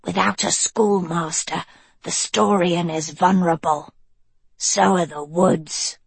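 A woman voicing a sharp, worried young witch who talks in a pressing, curt way, a little lower than her narrating voice and set back from the mic. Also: steady tone, takes it slowly, gravelly, breathy edge, dry recording, heavily acted. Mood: urging.

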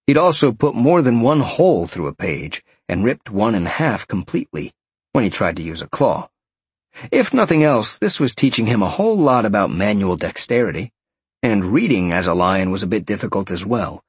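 A man narrating an audiobook in a lively storytelling way. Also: fairly low pitch, normal speed, husky, no room sound.

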